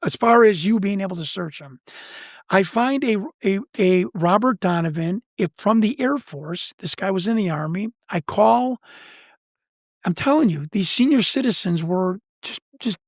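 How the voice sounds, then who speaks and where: Excitable man telling a story, dry sound. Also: high-pitched, moderate pace, dry recording. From Chicago, United States. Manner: excitable, with many restarts and acted-out quotes. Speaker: guest, researcher and documentarian. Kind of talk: animated storytelling in a conversation.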